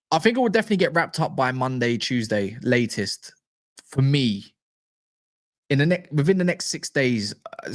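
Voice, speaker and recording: A man chats casually on a football livestream and reads out comments as they come in. He talks in a slangy, animated way, restarts a lot and trips over names. His voice sits at a middling pitch and sounds dry, close and free of room echo. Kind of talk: casual livestream chat reading live comments.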